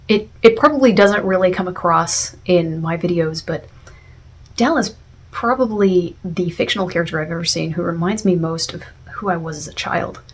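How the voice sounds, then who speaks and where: Woman chatting through a show review, kinda husky, lots of ums and restarts. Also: fairly low pitch. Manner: reflective, frequent fillers and restarts. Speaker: video essayist. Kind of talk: casual spoken review.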